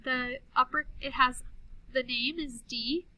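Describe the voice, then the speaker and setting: A woman teaching first graders a recorded phonics lesson from a classroom, sounding out words slowly, clearly and patiently. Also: sits high, fairly even intonation, pushed and bright, a little hiss or hum, poor audio.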